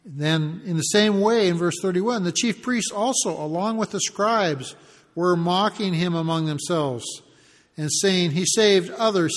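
High-voiced man preaching in a reverberant hall. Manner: conversational, acts out the mockers' taunts in asides. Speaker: pastor. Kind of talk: expository sermon.

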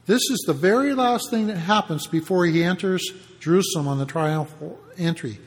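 A man preaching a sermon, explaining the passage in a conversational way with pauses and restarts. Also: high voice, big-room sound. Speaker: pastor.

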